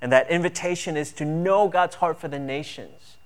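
Male pastor, sermon, earnest, emphatic, fairly high voice. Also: normal speed. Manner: earnest, emphatic, rising to passion on key points.

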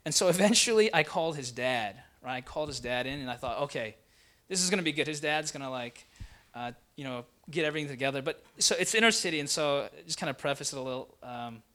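A young adult man serving as an intern pastor tells a personal story in a sermon, delivering it animatedly and tagging many lines with "right?". His voice is on the high side, and he talks fast with hardly any pauses.

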